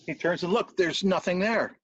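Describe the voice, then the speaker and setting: A man telling a folk tale in a lively storytelling style, voicing sound effects along the way. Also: high-pitched, moderate pace, dry recording. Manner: animated, with spoken sound effects. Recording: dull dry lo-fi recording.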